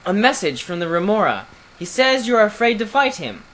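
A reader doing an eager, shouting young prince. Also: mid-range voice, huge pitch swings, fast, slightly rough, pitched above the performer's own voice, heavily acted. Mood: challenging. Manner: calling out eagerly. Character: young prince, bold and excitable.

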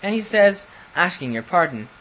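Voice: mid-range voice, big pitch swings, normal speed, fairly bright tone, a little hiss or hum, voice pushed up, rough recording. A reader voicing a nervous, bumbling under butler who speaks in broken rustic grammar and stumbles over words in a storybook reading. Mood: nervous storytelling.

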